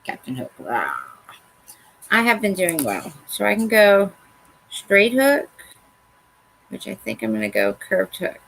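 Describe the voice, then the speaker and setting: Woman craft host, chatty and self-mocking, a gravelly edge, mid-range voice. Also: mid-range voice, sing-song, measured pace, pauses often, fairly bright tone, slight background noise, low-quality recording. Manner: chatty, talks to herself while working, self-mocking. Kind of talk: casual how-to talk while working.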